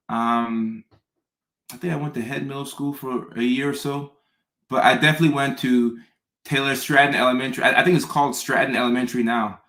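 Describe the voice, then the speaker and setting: A young man talks casually at a mid pitch, and his voice rings in a roomy echo. He rambles through his stories, stopping to restart sentences and filling the gaps with "um" and "uh.". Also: fairly bright tone. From Southern US. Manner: rambling, with frequent restarts and fillers. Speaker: content creator. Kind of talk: casual storytelling monologue.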